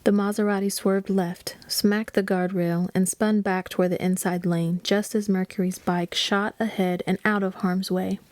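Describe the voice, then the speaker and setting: A woman reading a thriller audiobook aloud in a steady, even storytelling voice. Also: medium pitch, normal speed, few pauses, dry recording. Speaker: audiobook reader. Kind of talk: audiobook narration.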